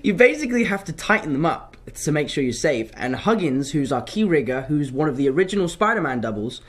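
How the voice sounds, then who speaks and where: A man's voice: fairly high pitch, big pitch swings, brisk. Cheeky young Englishman with an English accent. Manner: cheeky, apologetic, swears and laughs often. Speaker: actor. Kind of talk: press interview chat.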